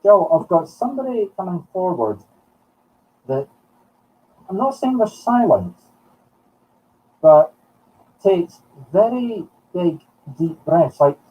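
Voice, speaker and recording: A Scottish man speaks in short, halting phrases, thinking aloud as he gives readings on a live broadcast. His voice sits a bit high for a man and sounds husky. The sound is dull and muffled, as if he were a little away from the microphone. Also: sing-song, recorded from a distance. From Scotland. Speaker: medium. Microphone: streaming from home.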